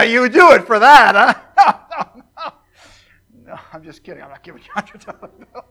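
An older male pastor preaches in a relaxed, conversational way. He tells folksy stories and jokes with his listeners. His voice sits high and sounds bright and ringing. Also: poor audio. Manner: folksy storytelling with joking asides and fillers. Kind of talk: informal sermon to a congregation.

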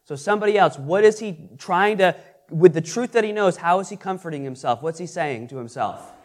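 A man leads a Bible study in a high, earnest voice. He pauses to put questions to the listeners and stumbles over repeated words. When he quotes scripture, his delivery swells with emphasis. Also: animated, darkish tone. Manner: earnest, repeats and restarts, reads scripture aloud with rising emphasis. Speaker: pastor teaching a Bible class. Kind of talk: interactive sermon with questions to the audience.

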